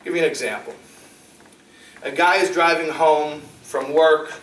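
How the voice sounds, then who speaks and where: A man giving a talk as a rabbi, telling stories with animated acted-out dialogue. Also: unhurried. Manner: animated, acts out dialogue with shifting pitch. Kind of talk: lively storytelling lecture. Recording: roomy, distant mic in a hall.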